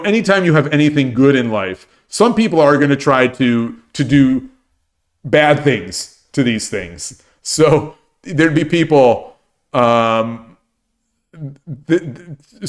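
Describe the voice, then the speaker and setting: A middle-aged man chats casually with his livestream viewers. He rambles, stumbles into restarts and repeats his phrases as he goes. His voice sits at an ordinary, middle pitch for a man. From American Midwest. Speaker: livestream host.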